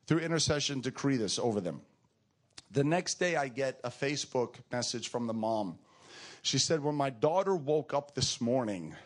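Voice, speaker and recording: A man preaching a sermon and telling a personal story to a congregation, animated, rising high for emphasis and dropping low and quiet for tender moments.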